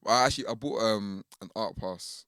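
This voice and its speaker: Young man, low voice, animated storytelling. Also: brisk, clean tone, no echo, studio quality. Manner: animated storytelling with frequent fillers and laughs. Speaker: podcast co-host. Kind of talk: casual chat.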